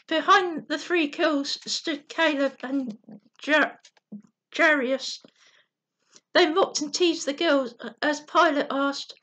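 A woman with a high voice reads a bedtime story aloud. She goes gently and steadily, now and then stumbling and correcting herself. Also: fairly even intonation, slow. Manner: gentle reading with slips and restarts.

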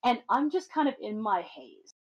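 A woman hosting a podcast, telling stories in a casual, animated way with plenty of swearing. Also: on the high side, moderate pace, husky, lo-fi sound. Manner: animated storytelling with profanity. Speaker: podcast host.

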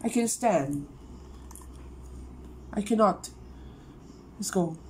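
A woman's voice: medium pitch, expressive, very slow, darkish tone, slight background noise. A woman hosting a music reaction video, ranting casually and tagging phrases with "man" or "bro".

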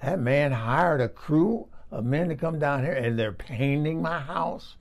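A man's voice: on the high side, measured pace. A man playing a chatty older woman who lives in a trailer, rambling and exclaiming. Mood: gossipy. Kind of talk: comic character monologue.

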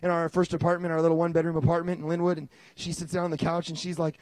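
A man in his thirties preaching a sermon as pastor, telling stories with lively restarts and bursts of excitement. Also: a little high, very fast, no echo. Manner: animated storytelling with many restarts.

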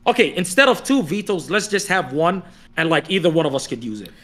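Insistent high-voiced male co-host. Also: sing-song, brisk, fairly bright tone. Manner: insistent, swears often. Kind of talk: heated casual debate.

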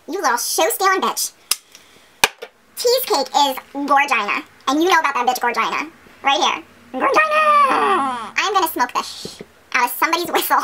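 Woman, beauty vlogger, silly crude jokes, high bouncy voice, noisy recording. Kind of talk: goofy blooper chatter. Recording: noisy background.

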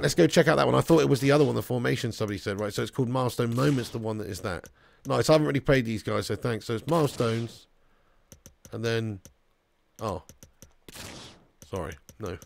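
A man live-streaming a football video game, chatting casually with viewers, reading out their messages, swearing and bursting into excited cheers. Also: mid-range voice, vocal fry, dry recording. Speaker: gaming streamer.

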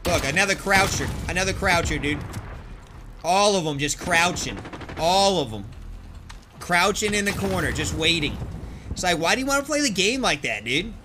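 A young man streaming a shooter game, trash-talking opponents and cheering his own plays with brash, excited commentary. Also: sits high, normal speed. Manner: brash trash talk with excited yelps and laughs. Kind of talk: live gameplay commentary. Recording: noisy game audio behind voice. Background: gunfire from the game.

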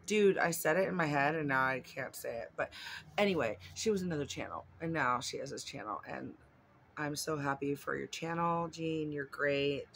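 A woman's voice: sits low, moderate pace, vocal fry, fairly bright tone, a little hiss or hum. A woman vlogger chatting casually while unboxing gifts at home, rambling and gushing with lots of fillers.

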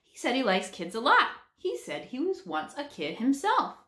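A woman's voice: sits high, huge pitch swings, normal speed, sharp tone, pitched above the performer's own voice, exaggerated voice. A woman reading aloud and voicing an eager, chatty little schoolgirl. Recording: roomy echo.

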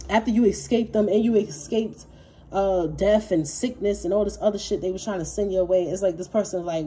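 A woman reads tarot cards for her viewers in a loose, casual way, talking bluntly and swearing freely as she gets heated on their behalf. Her voice is mellow and warm. Faint background noise sits under the recording. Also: medium pitch, a little fast. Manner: blunt, profane and fired-up, talking straight to viewers. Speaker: tarot reader. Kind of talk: casual tarot reading to camera.

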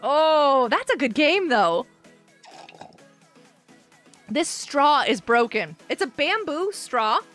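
A woman's voice: high voice, big pitch swings, takes it slowly, long pauses, a bit bright, soft background music. A young woman streaming a game, chatting casually, giggling and sounding out words.

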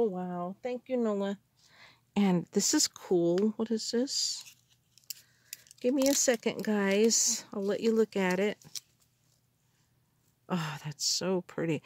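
A woman in a casual craft haul video, gushing with excited gasps and exclamations over the supplies she unpacks. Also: medium pitch, no echo, clean studio sound. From Canada. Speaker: crafter unboxing mail.

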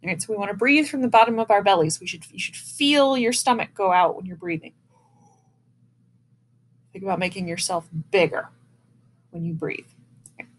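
A woman teaches an online music lesson to children, speaking patiently and demonstrating breaths as she goes. Her mid-range voice moves at a moderate pace with long pauses. She's seated in a chair indoors, with a camera in front of her.

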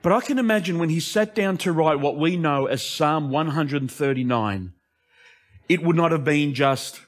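A male pastor preaching an impassioned sermon that swings between emphatic lines and hushed asides. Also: a little high, normal speed.

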